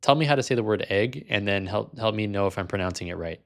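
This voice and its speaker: A man's voice: on the low side, fast talker, gravelly. A man hosting a language-learning video, talking casually and frankly, sometimes amused. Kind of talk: casual vlog commentary.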